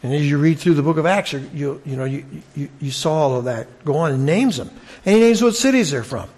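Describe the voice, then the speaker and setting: A man's voice: on the high side, animated, brisk, a little mellow, slightly rough. A man teaching through a Bible passage in a conversational way, with asides and restarts.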